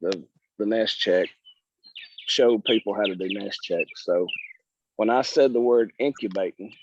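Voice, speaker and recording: Folksy Southern presenter, low voice, dull lo-fi call audio. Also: male voice, unhurried, noisy background. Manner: folksy, joking, rambling with restarts. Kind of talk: casual presentation on a video call.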